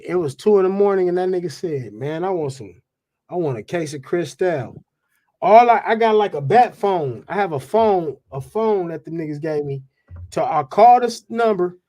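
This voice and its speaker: A man guest on a podcast telling animated stories in heavy profane slang. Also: high-pitched. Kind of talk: casual storytelling.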